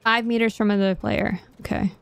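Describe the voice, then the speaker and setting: A woman's voice: mid-range voice, steady tone, brisk, gravelly, clean tone, no room sound. A young woman streamer chatting casually and rambling to herself as she plays a game. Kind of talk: casual chat while gaming.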